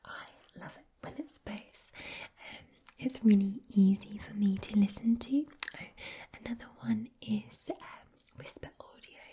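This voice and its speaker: Woman from Scotland, ASMR creator, slow husky whisper, rambling talk. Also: mid-range voice, dark tone. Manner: rambling, many fillers.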